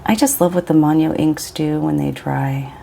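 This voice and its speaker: A woman's voice: deep voice, steady tone, normal speed, creaky, dark tone, slight background noise. A woman in her forties chatting casually and rambling a little as she tries out inks for her vlog. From Pacific Northwest of the US. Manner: chatty, rambling, self-interrupting. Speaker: vlogger. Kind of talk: casual chat while swatching inks.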